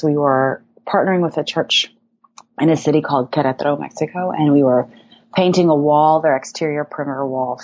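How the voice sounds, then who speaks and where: Low-voiced woman telling a story. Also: lo-fi sound. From Cincinnati. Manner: lively storyteller acting out quoted dialogue. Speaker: ministry leader, guest. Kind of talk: podcast interview, storytelling.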